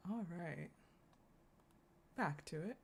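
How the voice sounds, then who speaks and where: A woman's voice: fairly low pitch, creaky, darkish tone, a little hiss or hum. Brief: chatty woman streamer, reads aloud, interrupts herself laughing and cursing. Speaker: gaming streamer. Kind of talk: casual story reading with reactions.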